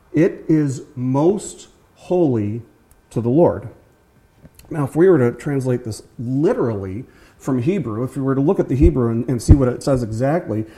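A male pastor delivers a sermon in a relaxed, conversational manner, his voice mellow and dark in tone and sitting at a middling pitch. He stumbles through fillers and restarts, then slows down deliberately to stress his main points. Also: rough recording. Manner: emphatic repetition, slowing on key words.

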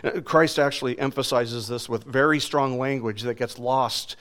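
A man's voice: mid-range voice, fairly even intonation, moderate pace, fairly bright tone. A man preaching a sermon in an earnest, emphatic way, repeating phrases for stress.

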